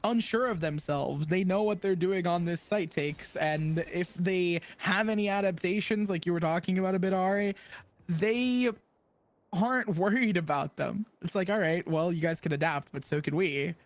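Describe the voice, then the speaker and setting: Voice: medium pitch, dry recording. Rambling, jokey live game caster. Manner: rapid, rambling, jokey with stumbles and restarts. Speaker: play-by-play esports caster. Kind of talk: live esports commentary.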